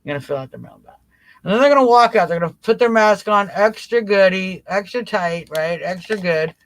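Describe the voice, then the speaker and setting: A man's voice: high voice, animated, a little fast, a bit bright, low-quality recording. A man hosting a live political talk stream, mocking and acting out scenes as he talks.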